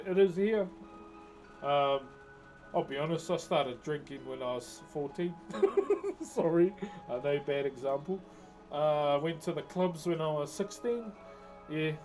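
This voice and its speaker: A man's voice: fairly high pitch, darkish tone. A man, chatting casually with viewers on a live stream and telling jokey stories, laughing often. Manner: laid-back, jokey storytelling with frequent laughs.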